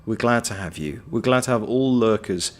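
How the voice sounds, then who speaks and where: A man's voice: on the low side, moderate pace. A man chatting casually on a game livestream, reading out his chat with wry, playful banter. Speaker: game streamer.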